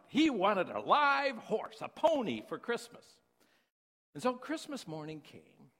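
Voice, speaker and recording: Man, pastor, conversational sermon, lively swooping voice, slightly high, long reverb. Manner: animated, conversational storyteller. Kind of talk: sermon with storytelling. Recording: long reverb in a big hall.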